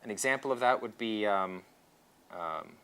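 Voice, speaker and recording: A man teaching a seminar, lively and animated, acting out bits of dialogue as he explains. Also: fairly low pitch, moderate pace, clear, resonant tone. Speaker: seminar instructor. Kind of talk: lecture to a class.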